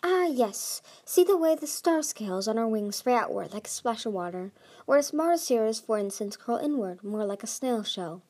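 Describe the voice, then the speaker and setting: Brief: eager, lecturing male dragon inventor, read by a woman, raised and bright. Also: fairly high pitch, animated, normal speed. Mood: delighted. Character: eccentric excitable male dragon scientist. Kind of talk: amateur audiobook reading.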